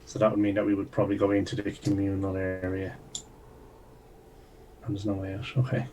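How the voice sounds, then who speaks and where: A man playing a tabletop game, speaking in character in a formal, measured way. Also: low voice, completely flat delivery, warm tone, a little hiss or hum, poor audio. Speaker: player.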